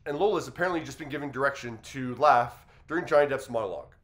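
A man hosting an entertainment news commentary, reasoning aloud in a measured way as he weighs a story. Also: mid-range voice, fairly bright tone. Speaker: commentary host.

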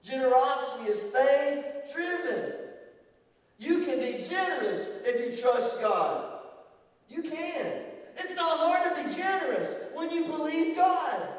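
A man preaching a sermon as pastor, telling stories with jokes, moving between loud emphasis and quiet asides. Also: very high-pitched, lively intonation, slow. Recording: echoey hall, distant from the mic.

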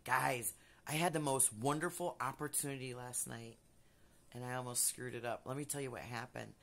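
A woman vlogger telling a story to camera in a casual, animated way, swearing freely and swooping up and down in pitch. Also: moderate pace, creaky.

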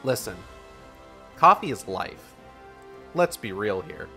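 Game streamer rambling about coffee, lively up and down voice, music under it. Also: medium pitch, takes it slowly. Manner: rambling, chatty, trails off. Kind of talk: casual game stream chat.

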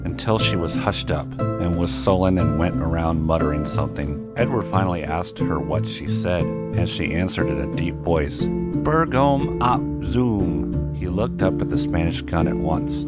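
A man with a low voice reads a children's novel aloud. His storytelling is steady and measured, and music plays clearly underneath the narration. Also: muffled recording. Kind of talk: audiobook reading of a children's novel. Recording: music playing behind the reading.

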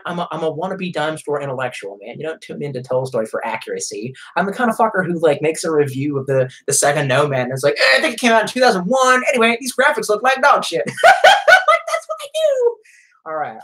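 Lively, profane male streamer. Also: fairly high pitch, slightly rough. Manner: profane, rambling, self-deprecating. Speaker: live streamer. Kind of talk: casual live-stream chat, reading viewer comments.

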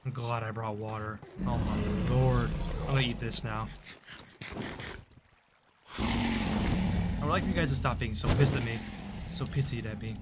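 Over loud music, a male gaming YouTuber with a lowish, very animated voice commentates his gameplay at a measured pace, with vocal fry and frequent pauses. He chats with the game mobs and often lets out startled outbursts.

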